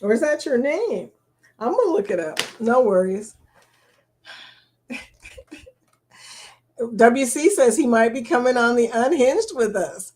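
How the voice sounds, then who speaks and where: A middle-aged woman with a drawl chats on a livestream, reading out viewer comments. She talks slowly, her pitch sits a bit high and swings widely, and she breaks into laughter often. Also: very animated, a little mellow, slight background noise. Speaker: livestream host reading chat. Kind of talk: casual live chat.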